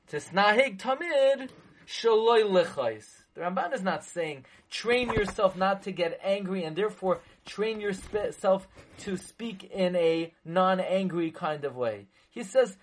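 A man's voice: sits high, poor audio. Man, Torah teacher, emphatic lecture, rhetorical questions, repeats key points, Hebrew terms mixed in. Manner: mixes in Hebrew and Yiddish terms. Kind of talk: text-study lecture.

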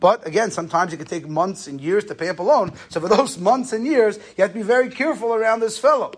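A man's voice: high-pitched, fast, husky. A man giving a conversational Torah lesson on Jewish law, telling stories and using Yiddish and Hebrew terms. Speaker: rabbi lecturer.

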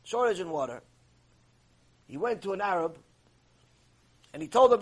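A man teaching a religious lecture, telling a story in an animated way and acting out its characters. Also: high voice, moderate pace, long pauses, husky, poor audio.

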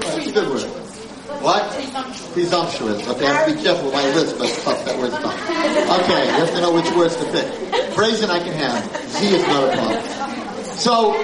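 A man's voice: high voice, a bit bright. A man, a rabbi giving an informal Torah class, talking emphatically, repeating his points and mixing in Hebrew terms. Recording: roomy, distant, faint background noise.

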